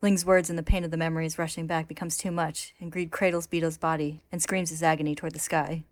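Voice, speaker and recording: Woman retelling a story, really low voice, dry close sound. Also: flat delivery, fast talker, dry recording. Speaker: recap narrator. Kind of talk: story recap narration.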